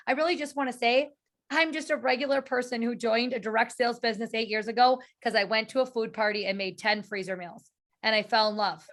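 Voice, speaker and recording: A woman who leads a direct sales team gives an energetic, earnest motivational speech on a video call, often repeating words and restarting. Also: on the high side, brisk.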